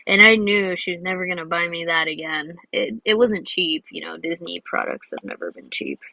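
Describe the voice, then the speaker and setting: A woman's voice: lowish voice, expressive, normal speed, creaky, sharp tone, no room sound, low-quality recording. A young woman telling a rambling personal story in a chatty way, with lots of fillers and restarts, while drawing. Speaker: drawing video host.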